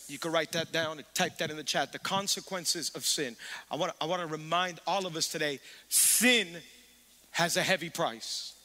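A man pastor preaching a sermon, animated, calling on the congregation to respond. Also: on the high side, normal speed. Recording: reverberant church hall.

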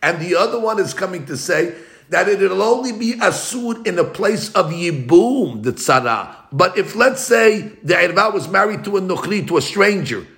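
Bright-voiced man teaching Talmud. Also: high-pitched, creaky. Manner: animated, argues both sides in a quick back-and-forth; slows to chant Hebrew and Aramaic quotes. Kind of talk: Talmud lesson.

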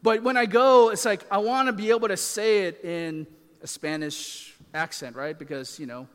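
A man's voice: sits high, moderate pace, smooth, long reverb tail. A man preaching a sermon as a pastor, talking in a conversational way with fillers and self-deprecating asides.

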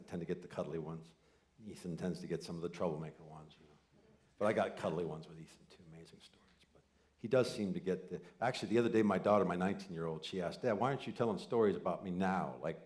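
A man in his forties preaching a sermon, telling family stories with quoted voices and swinging from loud excited bursts to soft, near-whispered lines. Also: low voice. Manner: animated storytelling with quoted voices and asides. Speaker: pastor.

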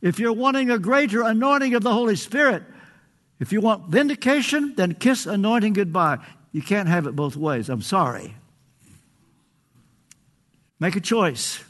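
A man's voice: high voice, lively intonation, moderate pace, long pauses, fairly bright tone. An older man preaching a sermon, earnest and pleading, stretching out phrases for emphasis.

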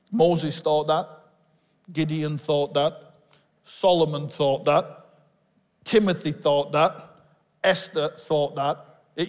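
A pastor with a Bolton accent and a fairly high voice preaches in a candid, conversational way, mixing self-deprecating stories into the sermon. His voice carries a long reverb, as in a church hall. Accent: Bolton, northern English. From Bolton, England.

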